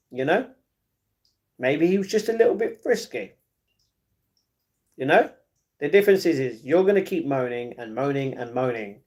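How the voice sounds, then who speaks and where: Here the streamer's voice is a little high but darkish in tone. He's reading comments in a relaxed livestream chat, offering viewers blunt advice that he repeats a lot.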